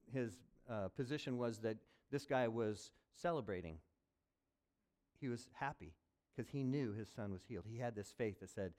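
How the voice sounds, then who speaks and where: A man preaching a sermon, animated, acting out pleading lines in a raised voice. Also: mid-range voice. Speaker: pastor.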